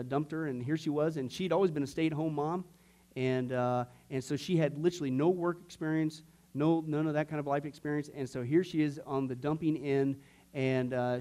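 Male pastor, middle-aged, fairly high voice, teaching class, anecdotal storytelling, fillers and jokes, dramatic swings in loudness. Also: steady tone, fairly quick. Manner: acts out quoted voices, rising loud and dropping to near whisper. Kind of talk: sermon-style teaching class.

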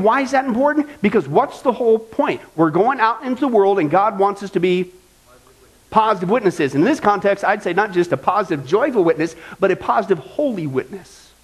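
Pastor guy preaching hard, high voice, lots of "excuse me?" type questions. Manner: emphatic, preaching with rhetorical questions. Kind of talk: sermon.

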